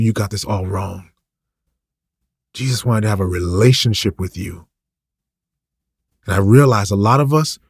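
A man's voice: on the low side, darkish tone, slightly rough, no room sound, studio quality. A man preaching an impassioned, ranting sermon, full of repetition and rhetorical questions.

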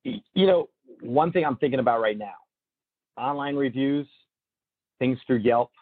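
Husky low-voiced male host, phone line. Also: animated, moderate pace, no echo. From Florida, USA. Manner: earnest, rambling questions. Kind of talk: casual interview conversation.

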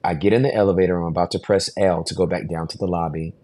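Brief: man in his forties, very low voice, dry close sound, animated podcast storyteller. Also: fast talker, no echo. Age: 40s. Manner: animated storyteller, acts out voices, laughs often. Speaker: pastor, podcast guest.

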